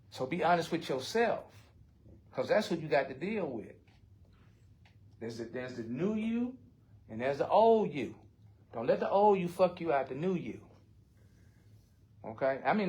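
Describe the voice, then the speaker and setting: A man's voice: high-pitched, darkish tone. An older man, speaking bluntly and with heart in a recovery support circle, often swearing. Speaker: recovery group member.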